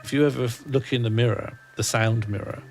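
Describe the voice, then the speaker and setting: A man's voice: medium pitch, fairly even intonation, brisk, creaky, a little hiss or hum. A man, streaming a game and rambling wryly to himself and his chat. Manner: musing, rambling self-talk, wry. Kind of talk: casual gaming livestream chat.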